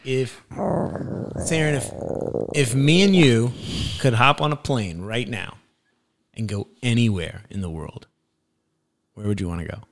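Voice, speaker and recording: A young man talking with his small daughter in an easy, everyday chat. His voice sits at an ordinary middle pitch, and he is playful and gently teasing throughout. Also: measured pace, long pauses. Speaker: father.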